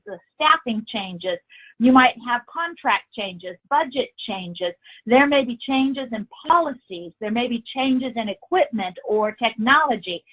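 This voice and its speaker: A woman's voice: on the high side, a bit bright, rough recording. Emphatic woman giving a training webinar. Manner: emphatic, encouraging, repeats key phrases. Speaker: corporate trainer. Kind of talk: webinar presentation.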